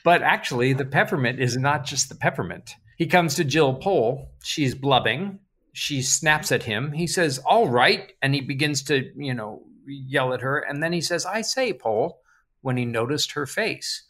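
A man hosting a casual book discussion, summarizing chapters and reading quotes with lively emphasis. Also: medium pitch, normal speed. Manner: relaxed, chuckling, reads quotes with animated emphasis.

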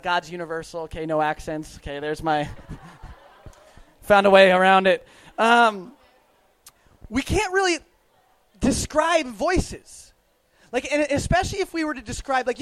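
Very high-voiced man giving a faith talk. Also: fairly bright tone, no echo, low-quality recording. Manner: casual, chatty, laughs often, questions the crowd. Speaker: youth minister. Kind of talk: interactive faith talk to an audience.

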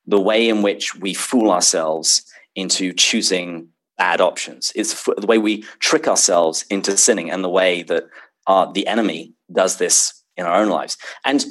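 Articulate man, lowish voice. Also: low-quality recording. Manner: articulate, laughs easily. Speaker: podcast guest, speaker on C. S. Lewis. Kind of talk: casual interview chat.

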